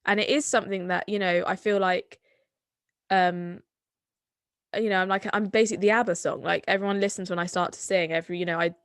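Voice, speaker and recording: A woman's voice: fairly low pitch, steady tone, fairly quick, fairly bright tone, dry recording. A young woman from the English West Country speaks with a Somerset accent, talking loosely and at length. She is full of fillers and restarts. Her voice sounds close and dry, with no room around it. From Somerset, England. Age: 20s. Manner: chatty, rambling, many fillers. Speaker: guest, singer-songwriter. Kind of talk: casual conversation.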